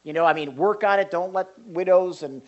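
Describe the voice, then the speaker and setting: A man, a pastor, giving a conversational sermon to a live congregation in an animated way, with big jumps in pitch and loudness. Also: fairly quick, highs cut off. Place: church service before a live congregation.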